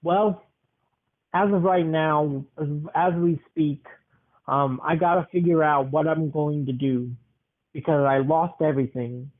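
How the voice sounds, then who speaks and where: A man's voice: fairly high pitch, fairly even intonation, unhurried, natural voice. A young man voicing a desperate adult male stranger who pushes and pleads for help, in a story he is making up. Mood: pleading. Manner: insistent, pushy, then pleading. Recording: tinny phone-like sound.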